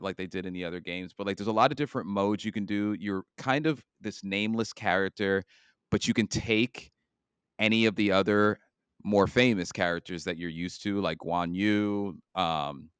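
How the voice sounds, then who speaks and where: A man's voice: low voice, smooth, dry recording. A man co-hosting a casual gaming podcast, talking at length with many fillers and restarts. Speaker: podcast co-host.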